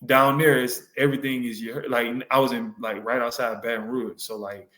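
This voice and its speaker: A man's voice: medium pitch, level tone, a little fast, a bit bright, reverberant. A young man from Detroit with a Detroit accent, chatting casually on a podcast, laughing often and acting out quotes. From Detroit, USA. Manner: laid-back, laughs often, acts out quotes. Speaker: podcast host. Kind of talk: casual chat.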